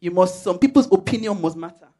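Nigerian woman preacher, animated storyteller, emphatic and quick to laugh in church. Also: lowish voice. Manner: lively, storytelling, laughs often, emphatic exhortation. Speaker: church speaker. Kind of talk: sermon.

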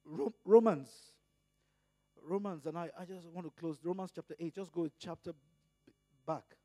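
A preacher from Nigeria delivering an impassioned sermon. He swings between loud emphasis and hushed asides, and draws out scripture readings slowly. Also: on the high side, dry recording.

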